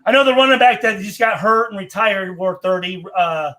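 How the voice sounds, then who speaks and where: A man in casual sports chat, telling stories in a loud, profane, animated way. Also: high voice, normal speed. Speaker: guest, former player.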